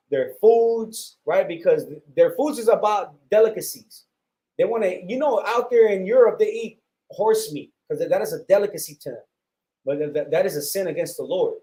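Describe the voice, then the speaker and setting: A fervent American man delivers a preaching lecture, circling back on his words and leaning on fillers. His voice sits slightly high yet has a dark, mellow tone. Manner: repetitive, fervent, with many fillers. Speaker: street preacher teaching a class.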